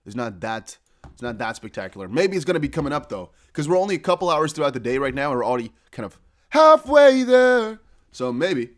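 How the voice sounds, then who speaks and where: A man hosts a live crypto stream in an excited, hype-driven way, breaking into laughs and chanted lines. His voice sits a bit high and swings widely up and down. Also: brisk. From Netherlands.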